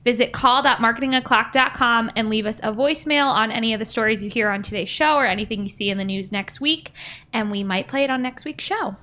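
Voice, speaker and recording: A woman hosting a podcast, tossing in playful, quick reactions as she chats. Her voice is bright and sits somewhat high. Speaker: podcast host. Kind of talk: casual chat.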